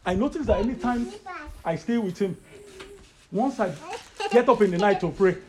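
A man with a Nigerian accent preaching a sermon, telling a personal story in an animated, rising voice. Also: high voice, normal speed, a crowd in the background. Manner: animated, rises to loud excited storytelling.

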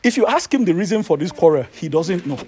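A man with a Nigerian accent preaching a sermon, telling a personal story in an animated, rising voice. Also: high-pitched, fast, a little hiss or hum. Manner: animated, rises to loud excited storytelling.

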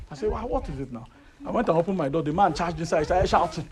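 A man with a Nigerian accent preaching a sermon, telling a personal story in an animated, rising voice. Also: sits high, quick pace. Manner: animated, rises to loud excited storytelling.

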